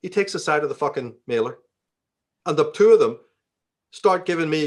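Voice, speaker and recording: A man's voice: a little high, lively intonation, a little fast. A man with a Belfast accent, a guest in an interview, telling stories with plenty of swearing and acting out the voices of the people in them. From Northern Ireland. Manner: profane, acts out quoted dialogue. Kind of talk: conversational storytelling.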